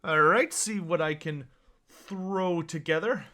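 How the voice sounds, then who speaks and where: A man's voice: a little high, takes it slowly, pushed and bright. A man voicing a tired, shady male fish merchant who talks in a drawling, amused patter. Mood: sly.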